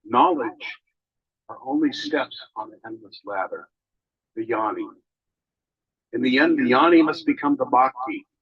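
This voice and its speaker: A man giving a spiritual talk to a gathering, speaking in a halting, emotional way with long pauses. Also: medium pitch, gravelly, breathy edge, dull audio.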